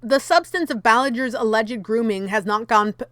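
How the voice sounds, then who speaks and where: A woman's voice: a little high, moderate pace, fairly bright tone, dry recording, studio quality. A woman commentary YouTuber reading from an article and reacting in a heated, exasperated way, with many fillers.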